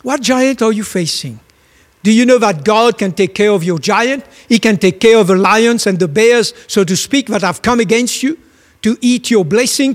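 A man's voice: high-pitched, in a large hall. A man preaching a sermon, telling a story emphatically and asking his listeners questions.

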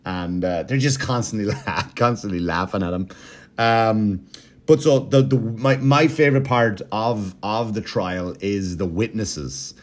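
A man's voice: on the low side, unhurried. A man hosting a podcast, telling a story in a rambling, profane, casual comedic way, with mocking impressions. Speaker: podcast host.

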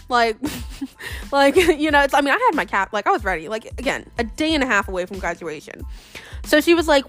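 A young woman telling a personal story in a chatty, animated way, acting out the voices of the people she quotes. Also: fairly high pitch, brisk, faint music behind. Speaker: vlogger. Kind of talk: casual storytelling.

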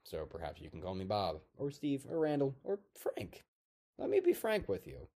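A man voicing an unhinged artificial toy man who is bitter and volatile. He rambles and swears, swinging between low mutters and sudden shouts in a dark comic monologue. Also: huge pitch swings, normal speed, heavily acted.

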